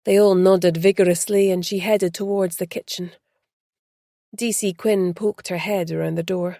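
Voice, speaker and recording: A woman narrating an audiobook with a gravelly, mellow, rather low voice, measured and even. The close mic gives a dry, dead sound. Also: dry recording.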